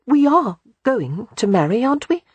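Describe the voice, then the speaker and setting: A man voicing a spirited young Regency woman who pleads with urgent earnestness, in a husky, dry audiobook read. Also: extremely high pitch, big pitch swings, normal speed, no room sound, pitched above the performer's own voice, exaggerated voice. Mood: insistent.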